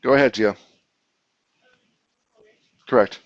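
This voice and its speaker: A man's voice: mid-range voice, takes it slowly, no echo. Male teacher, classroom grammar lesson, patient and questioning, dry slightly muffled sound. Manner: patient, explains step by step, asks the class questions.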